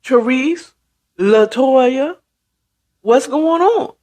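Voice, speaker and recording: A woman's voice: animated, extremely slow, a little mellow, heavily acted. A woman retelling a story and voicing a middle-aged mother who demands answers. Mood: demanding. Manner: high exclamations, fake-cheerful then shocked.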